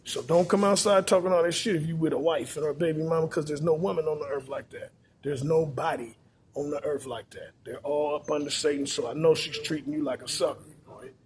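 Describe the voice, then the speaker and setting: A man's voice: a little high, steady tone, fairly quick, a little mellow, slight background noise. A man, delivering a rambling, profane, preachy monologue full of repetition.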